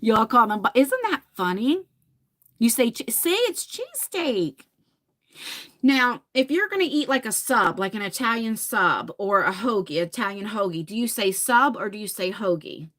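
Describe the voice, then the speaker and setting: A woman's voice: mid-range voice, animated, normal speed, few pauses, a bit bright. A woman in her forties with a New Jersey accent, chatting casually with her livestream viewers in a rambling way, laughing and swearing now and then. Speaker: livestream host.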